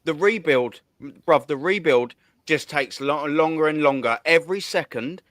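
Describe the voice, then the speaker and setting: A man hosts a fan show in a fierce, profane rant, hammering each point home. His voice sits a touch high. The recording is dry and close, with no room sound. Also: unhurried, fairly bright tone, no room sound. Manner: profane, ranting, emphatic. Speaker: fan channel host. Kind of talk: heated football fan rant.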